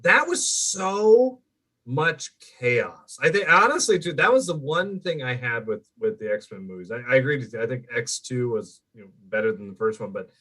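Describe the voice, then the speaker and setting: A man co-hosting a casual movie chat, excitable and jokey, with lots of "like" and "you know". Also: mid-range voice, normal speed. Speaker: co-host. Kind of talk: casual live-stream chat.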